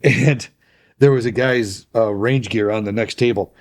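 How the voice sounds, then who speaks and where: A man co-hosting a podcast about firearms in casual chat, relaxed and rambling, often restarting his sentences. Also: lowish voice, unhurried. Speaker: podcast co-host.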